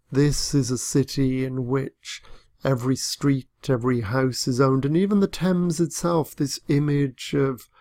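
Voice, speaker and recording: English male literature teacher, unhurried delivery, some vocal fry, thoughtful explainer. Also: medium pitch, a little mellow. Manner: thoughtful, measured analysis with pauses. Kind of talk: recorded poetry lecture.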